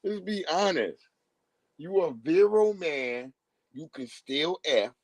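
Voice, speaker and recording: Loud, profane man ranting on a livestream. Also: a little high, slow pace, no echo. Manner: profane, animated, laughs often, mocking. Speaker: livestream commentator. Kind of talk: casual live-stream rant.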